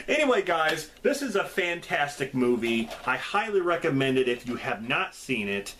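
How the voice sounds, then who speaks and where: A man reviewing a film in a casual recap, excitable and often restarting his sentences. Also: on the high side, unhurried, background noise. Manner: excitable, restarts and repeats words. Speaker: movie reviewer.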